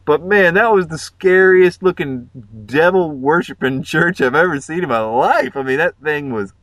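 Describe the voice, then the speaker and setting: A man's voice: a little high, moderate pace, fairly bright tone, no echo. A man chatting casually on a podcast, hesitant and full of fillers. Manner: hesitant, filler-heavy, laughs often.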